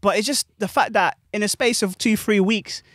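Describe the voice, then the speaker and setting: A man hosting a casual podcast chat, telling stories in a slangy, animated way and laughing as he goes. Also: high voice, moderate pace, dry recording, clean studio sound. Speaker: DJ and podcast host.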